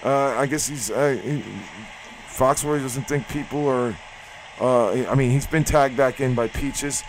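A man doing mock wrestling play-by-play, rambling and excitable with sudden yelps. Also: mid-range voice, a little slow, a little hiss or hum, rough recording. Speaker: play-by-play commentator.

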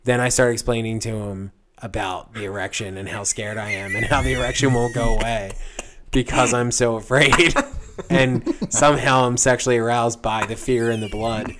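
A man in his thirties casually telling a long, animated anecdote on a podcast, laughing at his own story. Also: mid-range voice, normal speed, a little hiss or hum. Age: 30s. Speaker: podcast guest.

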